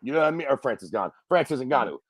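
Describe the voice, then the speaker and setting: A man's voice: mid-range voice, big pitch swings, racing, husky. A man co-hosting a fight podcast in casual chat, blunt and drawling with heavy cursing. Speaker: MMA podcast co-host.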